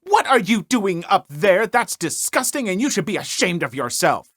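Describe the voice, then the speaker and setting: A man voicing an entitled woman who yells indignantly at her neighbors. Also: high-pitched, very animated, moderate pace, no echo, clean studio sound, voice pushed up, exaggerated voice. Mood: outraged. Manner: indignant yelling.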